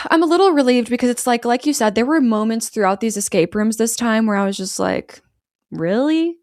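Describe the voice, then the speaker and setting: A young woman co-hosting a casual chat, retelling a film scene by scene and quoting its characters in quick bursts. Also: a little high, dry recording, clean studio sound. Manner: animated storyteller, quotes characters in quick bursts. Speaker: podcast co-host recapping a film.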